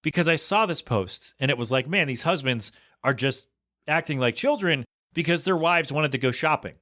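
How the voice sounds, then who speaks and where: A man's voice: on the high side, moderate pace. A man hosting a podcast, rambling casually through a story and acting out what people said. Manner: animated storytelling, acts out quoted voices. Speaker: podcast host.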